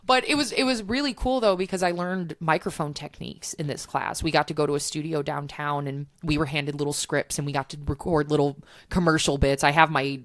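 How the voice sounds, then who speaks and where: A woman's voice: low-pitched, fairly even intonation, fairly quick, few pauses, dry recording. A woman guest on a podcast, telling stories in casual chat, with many "um"s and "like"s. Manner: chatty storyteller with many "um"s and "like"s.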